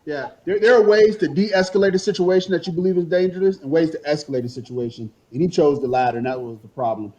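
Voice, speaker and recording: A man's voice: fairly high pitch, quick pace, hardly any pauses, darkish tone. A man in his thirties co-hosting a casual podcast debate, arguing his point emphatically through long stories. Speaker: podcast co-host. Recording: dull lo-fi recording.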